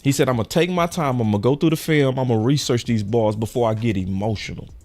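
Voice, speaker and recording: A young man hosting a sports show in casual, animated chat, full of slang and quick laughs. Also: medium pitch. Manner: animated, slangy, laughs often, quotes fans in raised voice.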